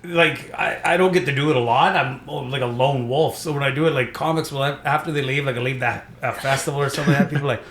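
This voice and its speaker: A man's voice: medium pitch, a bit bright, roomy sound. A young adult man from Saskatchewan, Canada, a stand-up comedian telling rambling stories in casual podcast chat. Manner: rambling storytelling, does quick voices.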